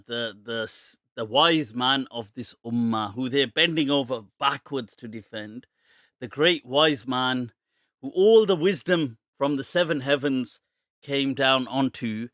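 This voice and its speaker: A man's voice: mid-range voice, fairly bright tone, dry recording, clean studio sound. A man hosting a live-stream question-and-answer show, joking and laughing often and slipping in Urdu phrases. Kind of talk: casual live-stream chat.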